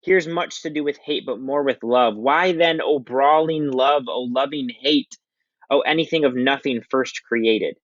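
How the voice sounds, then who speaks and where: A man voices a heartbroken young nobleman who drags out every line of verse, slow and sighing, pitched well above his usual voice. The sound is dull and lo-fi with a dry, close feel. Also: no echo, natural voice. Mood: melodramatic. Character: young lovesick male nobleman, melodramatic.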